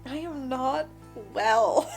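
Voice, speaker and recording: A young woman talks through her reading in a casual vlog, reacting with emotional exclamations. She speaks at an unhurried, drawn-out pace and sounds tired, with faint music underneath. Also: high voice, gravelly. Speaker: book vlogger.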